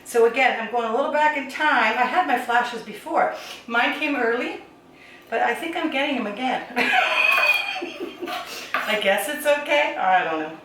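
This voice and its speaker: A woman hosts a relaxed home cooking demonstration, chatting to her viewers as she slices vegetables. Her voice sits a little high and comes from a distance in a strongly echoing kitchen, with clear clatter of pots and dishes behind her. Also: moderate pace, background noise. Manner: chatty, talks to viewers while chopping. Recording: very echoey kitchen, far from mic, dish clatter.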